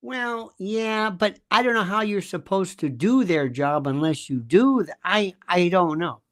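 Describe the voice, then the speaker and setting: A man's voice: sits high, a little slow, fairly bright tone. A man speaking as a guest commentator, arguing emphatically with rhetorical questions and acting out quoted voices. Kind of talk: animated conversational argument.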